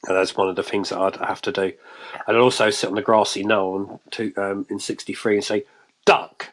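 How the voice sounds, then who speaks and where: A man's voice: on the low side, little pitch movement, a little fast, a little hiss or hum. A man in his late thirties with a Cambridge accent, chatting casually on a live show over a phone. He laughs easily and trips over the starts of his sentences. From Cambridge, England. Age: late 30s. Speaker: co-host. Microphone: mobile phone.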